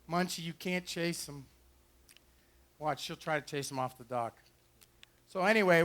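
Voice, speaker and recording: Guy running a retriever dog demo at a fair, jokey folksy commentary, highish voice, outdoors on a mic. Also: a bit bright. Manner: joking, folksy. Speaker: dog trainer and show host. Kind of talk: live demonstration commentary. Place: outdoor fair pond with dock. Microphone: handheld or headset mic.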